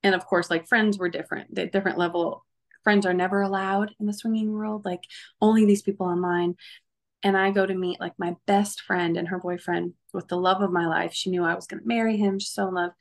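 A woman's voice: mid-range voice, steady tone, fairly quick. A woman guest recounting her testimony in an interview, earnest and emotional, with many fillers.

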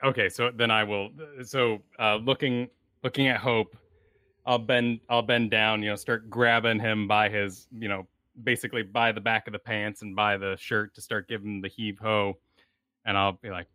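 A man playing a character in a tabletop game, relaxed and thinking aloud. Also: fairly low pitch, moderate pace, no echo. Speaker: player. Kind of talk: tabletop role-play.

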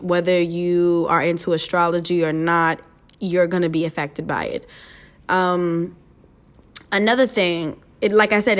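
A young woman hosting her own podcast in a loose, chatty way, swearing freely and laughing at herself. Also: on the low side. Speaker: podcast host. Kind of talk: casual solo podcast chat.

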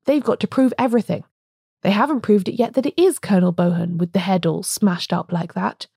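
An officious, excitable village cobbler from a storybook, as a woman reader puts him on. He talks quickly in fussy bursts, his pitch jumping up with excitement. The voice is mellow and dry, close to the mic. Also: gravelly, husky, dry recording. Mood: excited.

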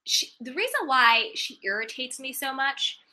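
Bright, sassy woman dishing gossip. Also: sits high, normal speed. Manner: animated, sassy, emphatic. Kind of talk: casual reality-TV gossip chat.

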